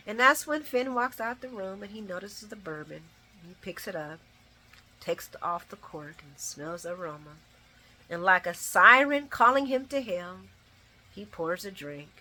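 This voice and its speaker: A woman hosting a casual recap, talking emotionally and rambling, sometimes shouting her reactions. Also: medium pitch, animated, a little slow. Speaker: soap opera recap host.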